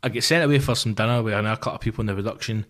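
A man in his thirties with a Glaswegian accent, a comedian swearing his way through an animated anecdote in casual podcast chat. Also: on the low side, rapid-fire. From Scotland. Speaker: stand-up comedian guest.

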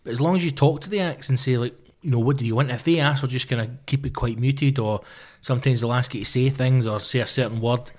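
A man's voice: medium pitch, fast, few pauses. Swearing Glaswegian man telling stories. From Scotland. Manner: swears a lot, acts out voices in anecdotes. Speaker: comedian guest. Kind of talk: casual podcast chat.

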